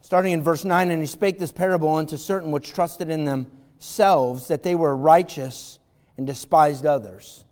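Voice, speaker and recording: A man's voice: fairly high pitch, steady tone, moderate pace, a little mellow. A man preaching an evening sermon in a church, fervently reading scripture aloud and asking the congregation direct questions. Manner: reads scripture aloud in King James wording. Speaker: pastor. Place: church sanctuary. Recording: long reverb of a large hall.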